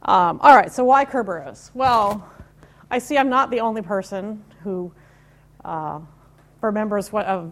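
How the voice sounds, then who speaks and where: A woman's voice: mid-range voice, a little slow. A woman in her fifties, from the United States, giving a live technical talk with a chatty, informal manner, wry asides and questions to the audience. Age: 50s. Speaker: conference speaker.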